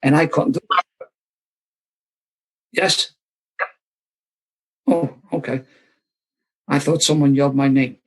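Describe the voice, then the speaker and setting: A man's voice: medium pitch, steady tone, takes it slowly, pauses often, low-quality recording. A man, telling a self-deprecating story to a live recovery meeting and acting out the voices he quotes. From Philadelphia area. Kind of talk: storytelling talk to a live audience.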